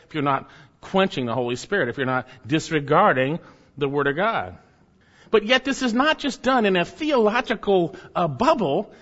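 A man's voice: sits high, a bit bright, long reverb tail, lo-fi sound. A man preaching a sermon emphatically, swelling up and then dropping to near murmurs. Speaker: pastor.

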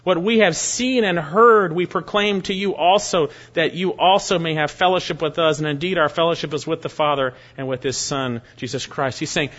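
A man preaching an expository sermon, reading verses aloud with slow, deliberate emphasis. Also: fairly high pitch, a bit bright. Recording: dull lo-fi recording.

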